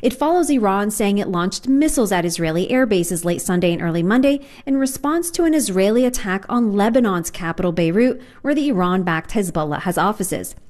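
A woman's voice: medium pitch, expressive, brisk, few pauses, a little mellow. Woman correspondent filing a report. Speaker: news correspondent. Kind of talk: filed news report.

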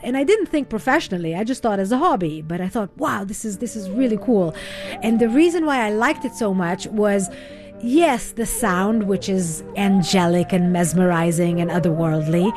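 A woman telling her own story in a radio interview, reflective and expressive, acting out the voices she quotes. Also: mid-range voice. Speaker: interview guest, musician.

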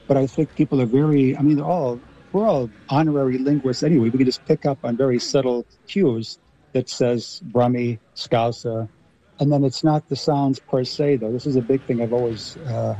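A man's voice: mid-range voice, mellow, highs cut off. A man with an American accent, explaining articulately as a guest in a radio discussion. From Los Angeles, US. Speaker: guest linguist.

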